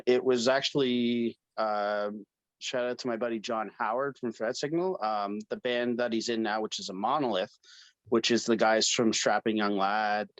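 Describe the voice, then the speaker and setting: A man's voice: medium pitch, dry recording, low-quality recording. Metal band guy rambling through an answer, lots of ums, dry sound. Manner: rambling, many "um"s, friendly. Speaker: band member guest. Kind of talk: casual interview answer.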